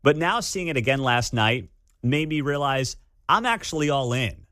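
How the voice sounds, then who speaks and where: A man in his thirties hosting a talk radio show, telling a family story in a casual, animated way. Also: medium pitch, moderate pace, no echo, clean studio sound. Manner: storytelling, animated when quoting his kids. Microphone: studio microphone.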